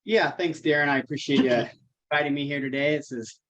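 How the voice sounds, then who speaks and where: A man telling his own career story on a team call, halting and with many ums. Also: fairly high pitch, a bit bright.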